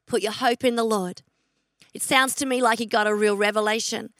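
A middle-aged woman preaching a sermon, earnest, repeating her key questions and slowing down to stress scripture. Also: on the high side, fairly even intonation, a bit bright, no room sound.

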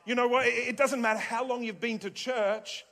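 High-voiced Australian pastor preaching. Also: male voice, fairly even intonation, normal speed, bright, forceful tone. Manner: emphatic, repeats key phrases, jokey asides. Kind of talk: sermon. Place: church auditorium. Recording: long hall reverb in a church.

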